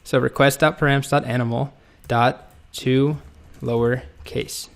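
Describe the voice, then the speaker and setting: In this screen-recorded coding lesson, a male instructor with a gravelly, medium-pitched voice explains things step by step while typing. He speaks a little slowly and keeps a relaxed tone.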